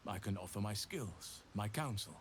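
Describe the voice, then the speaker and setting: Actor playing a measured, formal ally in a fantasy game, lowish voice, faint ambience behind. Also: male voice, lively intonation, a little hiss or hum, lightly acted. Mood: earnest.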